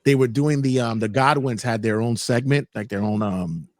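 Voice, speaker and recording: A man hosting a casual podcast chat, telling anecdotes in an animated way. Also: medium pitch, normal speed, no room sound. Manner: animated storyteller, laughs while telling. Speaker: podcast host.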